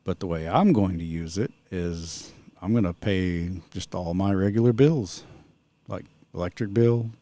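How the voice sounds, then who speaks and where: Middle-aged man, low and warm, chatty vlogger who wanders off on tangents, dry close sound. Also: unhurried, no echo. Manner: rambling, drifts onto sidetracks. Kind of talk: casual vlog chat.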